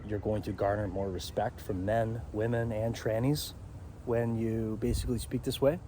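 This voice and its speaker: A man's voice: fairly low pitch, steady tone, normal speed, noisy background. A man giving a rambling vlog monologue outdoors by a pond, often checking in with "okay?". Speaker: self-help vlogger.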